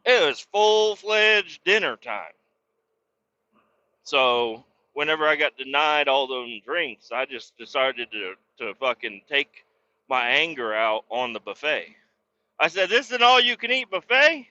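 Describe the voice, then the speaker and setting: A man's voice: mid-range voice, expressive, slow pace, bright, forceful tone, no room sound, dull audio. A man hosting a podcast, telling a rambling, profane story in a casual, blunt way. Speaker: podcast host.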